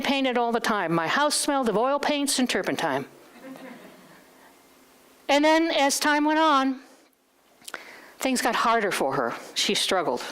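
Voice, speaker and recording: A middle-aged woman speaking at a church, telling a candid personal story and acting out the dialogue. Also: high-pitched. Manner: candid, animated, acts out dialogue.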